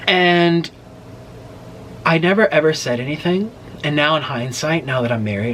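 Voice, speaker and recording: A man in his late twenties chatting to camera as a mukbang host, telling a story in an animated, rambling way and breaking off mid-sentence. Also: on the high side, measured pace, slight background noise. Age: late 20s. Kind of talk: casual storytelling chat to camera.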